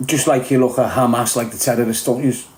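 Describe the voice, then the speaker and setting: A man's voice: medium pitch, fairly even intonation, fast, darkish tone, a little hiss or hum. A man with a thick Liverpool Scouse accent holds forth in a casual podcast conversation, blunt and emphatic, with swearing sprinkled through. His voice sits in a middle register and is heard in an echoey room. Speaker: podcast guest.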